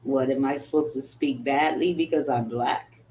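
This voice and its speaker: A middle-aged woman with a very deep voice gives a candid, emphatic motivational talk at a moderate pace. As a motivational speaker, she becomes animated when delivering quoted retorts.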